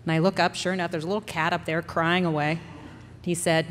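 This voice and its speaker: A woman tells a story from a live stage, her voice lively and expressive, rising in pitch as feeling takes over. The sound carries a long hall reverb around her words. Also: quick pace. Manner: animated, building to emotional outbursts.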